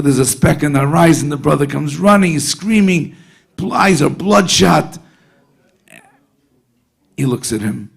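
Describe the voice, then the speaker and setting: Gravelly, husky-voiced rabbi telling a story. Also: male voice, a little high. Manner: animated storyteller sprinkling Yiddish and Hebrew words; conversational, often asks the audience "you know what I mean?". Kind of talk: storytelling talk at a Hasidic gathering.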